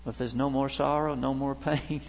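A man's voice: medium pitch, level tone, moderate pace, vocal fry. A middle-aged male pastor preaching a sermon, telling stories as his voice rises and drops. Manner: storytelling preacher, voice rising and dropping. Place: church sanctuary. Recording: long reverb of a big hall.

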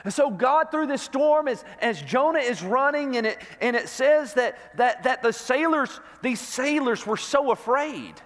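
A man's voice: extremely high pitch, lively intonation, measured pace, hardly any pauses, fairly bright tone. A man preaching a sermon as a pastor, telling the story with emphasis and stumbling over repeated restarts. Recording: long reverb of a large hall.

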